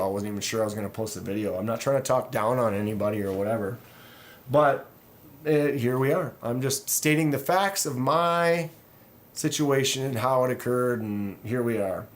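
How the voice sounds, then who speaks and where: A man hosting a knife channel, telling a long frustrated story in a rambling way, with sighs and restarts. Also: medium pitch. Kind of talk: casual livestream chat.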